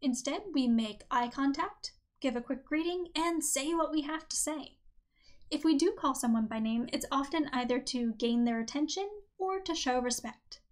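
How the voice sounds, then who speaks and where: On her podcast about writing advice, a woman with a high voice reads examples aloud as she works through her script. Her reading is measured and clear.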